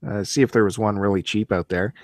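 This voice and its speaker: Chatty podcast host, low voice. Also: male voice, steady tone, quick pace, a little mellow, no room sound, studio quality. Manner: chatty, teasing, laughs often. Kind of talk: casual chat.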